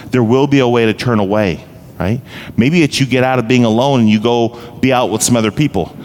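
A man's voice: fairly quick, a little mellow. A man preaching a sermon as a pastor, earnest and personal, growing emphatic. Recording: echoey hall, faint rumble.

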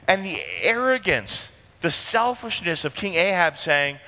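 A man's voice: fairly high pitch, big pitch swings, measured pace, few pauses, bright, forceful tone. A man preaching an expository sermon as pastor, talking conversationally and asking rhetorical questions, in a church sanctuary. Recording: long hall reverb.

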